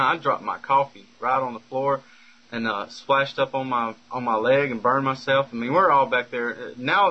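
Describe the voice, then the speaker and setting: A man's voice: mid-range voice, breathy edge, highs cut off. A man speaking in an unscripted monologue, rambling with lots of fillers and restarts. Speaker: speaker recounting a personal story.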